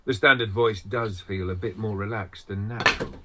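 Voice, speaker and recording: A man's AI assistant voice, relaxed and conversational, giving gentle advice. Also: fairly low pitch, moderate pace, a little hiss or hum. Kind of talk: synthetic assistant speech.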